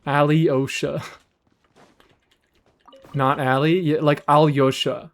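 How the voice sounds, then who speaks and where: Animated man streaming a game. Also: a little high, very slow. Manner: animated, rambling, swears freely, reads chat aloud. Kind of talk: casual live-stream chat.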